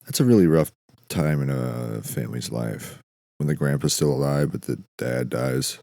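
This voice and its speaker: A man hosting a podcast, delivering a dry, deadpan, profane comedic monologue. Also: extremely low pitch, normal speed, vocal fry, dry recording. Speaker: podcast host.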